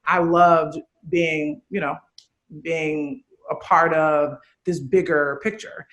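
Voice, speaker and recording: Bright-voiced candid woman in her thirties. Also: sits low, slow pace. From Chicago, USA. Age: 30s. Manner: candid, animated, swears freely. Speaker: interview guest. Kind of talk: casual interview chat.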